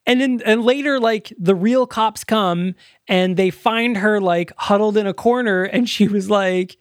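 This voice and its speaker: A woman's voice: medium pitch, measured pace, no room sound, studio quality. A young woman co-hosting a podcast, loosely recapping a film's plot in casual chat and swearing freely. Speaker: podcast co-host. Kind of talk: casual movie review chat.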